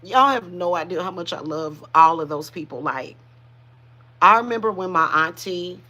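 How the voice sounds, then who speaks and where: Woman, bright tense voice, casual livestream chat, emotional, rambling restarts. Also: on the low side, lively intonation, normal speed. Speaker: spiritual reader and channel host.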